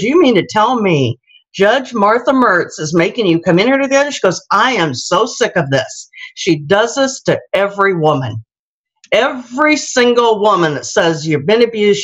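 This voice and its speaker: A middle-aged woman telling her own story in a casual, earnest way, acting out the voices of the people she quotes. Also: medium pitch. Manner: earnest, animated, acts out quoted dialogue. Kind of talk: personal testimony, casual storytelling. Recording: dull lo-fi livestream audio.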